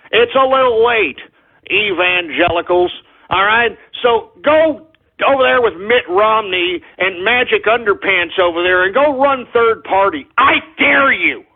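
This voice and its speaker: Male radio host, furious ranting delivery, husky tone, tinny phone-like audio. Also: sits high. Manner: angry, insulting, ranting. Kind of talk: political talk radio rant.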